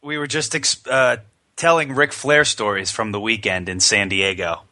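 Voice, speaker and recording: A man's voice: on the low side, normal speed, dry recording. A man hosting a podcast, telling stories and chatting casually with a guest. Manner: storytelling, relaxed, chuckling. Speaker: podcast host. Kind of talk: casual chat.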